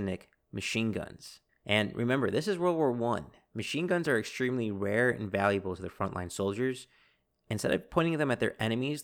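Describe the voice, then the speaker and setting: A man hosting a casual history podcast, telling the story with animated bursts and acted-out quotes. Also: lowish voice, creaky. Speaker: podcast host.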